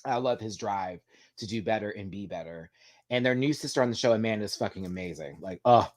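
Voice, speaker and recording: A man hosting a casual live chat with viewers, talking in a sassy, animated way and swearing freely. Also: on the low side, brisk. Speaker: live stream host.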